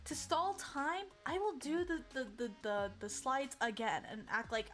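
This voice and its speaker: A young woman streaming casually, excitable and giggly, with lots of fillers and restarts. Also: high voice, measured pace, faint music behind. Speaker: VTuber streamer. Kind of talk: casual livestream chat.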